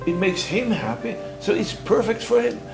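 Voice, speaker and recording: Older non-native man as guest teacher, halting and repetitive, mid pitch, echoey room with faint music. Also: lively intonation, vocal fry. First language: German. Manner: halting, repeats words, rambling. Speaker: guest bonsai master. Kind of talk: casual explanation. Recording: roomy echo with faint music.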